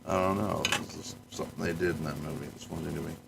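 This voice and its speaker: A man's voice: a bass voice, steady tone, quick pace, gravelly, background noise. A man hosting a podcast, rambling and joking in casual chat. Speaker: podcast host.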